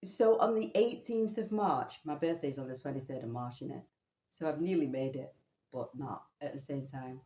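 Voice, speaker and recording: A woman's voice: rumbling low, normal speed. Woman telling a story, echoey room. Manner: animated, laughing, incredulous retelling. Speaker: vlogger. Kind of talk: storytelling monologue. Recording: roomy echo.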